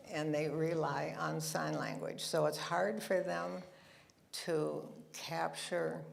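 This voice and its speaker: A guest speaker at a church service, a woman with a deep, gravelly voice, gives a chatty, anecdotal talk to the congregation, full of asides and laughter, in a meeting room with a live audience.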